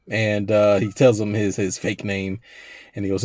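Deep-voiced man rambling about films. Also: flat delivery, a little mellow, no room sound, studio quality. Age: young adult to middle-aged, a parent. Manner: rambling, acts out movie lines in quick put-on voices. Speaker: podcast co-host. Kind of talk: casual film review chat.

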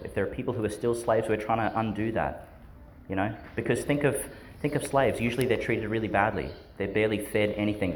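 A man's voice: on the low side, slight background noise. A man, a priest giving a homily to schoolchildren in a chatty, questioning way that often breaks into laughs. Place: school church service.

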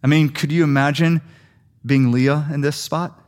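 A young adult man preaching a sermon, telling a story with lively quick asides. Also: fairly high pitch. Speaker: pastor.

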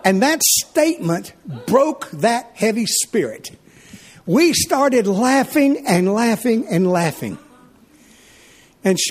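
Husky-voiced preacher guy, pitch jumps all over, sermon storytelling. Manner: animated storytelling, acts out his wife and himself in dialogue. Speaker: pastor.

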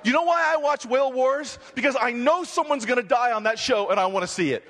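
A man from Hawaii speaking at a youth conference, preaching energetically, often shouting and joking. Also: extremely high pitch, quick pace, a little hiss or hum. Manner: animated, shouting, joking, restless. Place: large hall with audience. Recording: long hall reverb.

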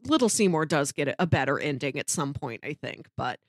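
A woman's voice: a little fast, no echo. A woman co-hosting a podcast, chatting casually and animatedly, laughing often. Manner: animated, laughs often, wide pitch swings. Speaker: podcast co-host. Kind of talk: casual discussion.

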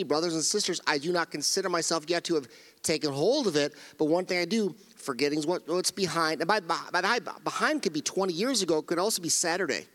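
A man's voice: on the high side, fairly bright tone, in a large hall. A middle-aged male pastor preaching a sermon, earnest and emphatic, often repeating phrases and restarting his sentences. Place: church sanctuary.

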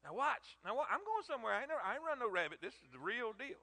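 A man's voice: very high voice, very animated, rapid-fire, bright, forceful tone, dry recording. A man preaching a sermon in an emphatic, emotional way, often repeating his words.

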